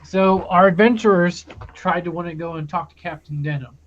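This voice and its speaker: A young man, acting as game master, recaps a tabletop campaign in a loose, rambling way full of pauses. His voice sits high, and the audio sounds dull.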